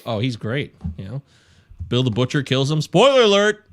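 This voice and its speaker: A man's voice: medium pitch, big pitch swings, normal speed. A man hosting a casual podcast, chatty and self-deprecating, laughing often. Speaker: podcast host.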